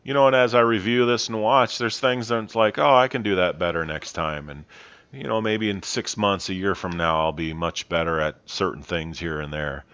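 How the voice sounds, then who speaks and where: A man, a horse trainer, calmly talking over his riding footage, explaining in a plainspoken, self-critical way. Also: deep voice, normal speed, clear, resonant tone, muffled recording.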